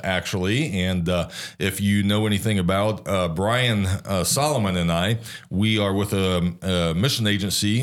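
A man with a fairly low voice co-hosts a casual faith-based podcast. He feels his way through his points, stopping often to restart a phrase or fill a pause. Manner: hesitant, many restarts and fillers. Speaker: podcast co-host.

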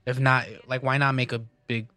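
A man's voice: medium pitch, flat delivery, moderate pace, sharp tone, no echo. A man in casual chat while watching a movie with friends, talking in a chatty, questioning way.

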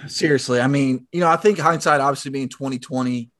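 A man's voice: medium pitch, steady tone, fast, fairly bright tone, no echo. Chatty Southern man, dry close sound. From Tennessee. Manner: chatty, self-deprecating, stumbles over words. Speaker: podcast co-host. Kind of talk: casual sports chat.

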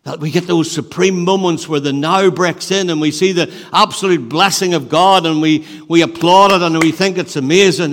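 A man preaching a sermon in an earnest way, building emphasis and then dropping to a hush, often restarting his phrases. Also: fairly high pitch, moderate pace, few pauses. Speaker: pastor. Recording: long hall reverb.

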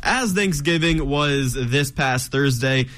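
A man's voice: mid-range voice, slow, fairly bright tone. A young man hosting a college radio sports talk show, running segment rundowns and teasing his co-hosts.

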